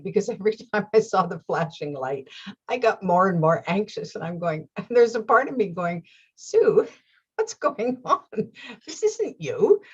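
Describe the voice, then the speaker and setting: A woman's voice: mid-range voice, husky, lo-fi sound. A middle-aged woman hosting her own show, telling a personal story with lots of laughter and acted-out inner voices. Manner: animated, laughs often, acts out her own thoughts. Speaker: host. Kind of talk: storytelling monologue.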